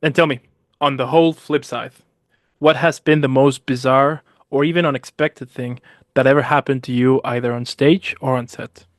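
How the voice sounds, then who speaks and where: A man hosts a casual interview, his voice at a middle pitch for a man. He keeps the talk moving with repeated short affirmations and follow-up questions. The sound is dry, with no room echo. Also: fairly even intonation, normal speed. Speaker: show host.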